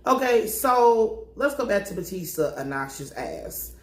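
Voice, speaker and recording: Recapping a TV episode in an echoey room, this young adult female vlogger speaks at an unhurried pace with a medium-pitched, very animated voice. Her style is casual and slangy, full of profanity and jokes.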